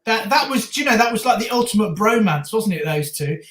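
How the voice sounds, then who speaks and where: Enthusiastic woman shouting at football, echoey room. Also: mid-range voice, lively intonation, brisk. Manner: enthusiastic, shouting at big moments. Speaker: stream co-host. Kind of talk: excited football match reaction.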